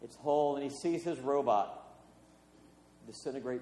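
A man's voice: medium pitch, moderate pace, warm tone, slight background noise. A man, a pastor, preaching a sermon in a conversational, storytelling way with casual fillers. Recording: echoey hall with long reverb.

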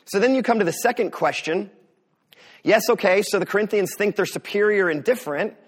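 A man's voice: high voice, animated, a little fast, slightly rough, in a large hall. A man preaching a sermon in an emphatic, conversational teaching manner.

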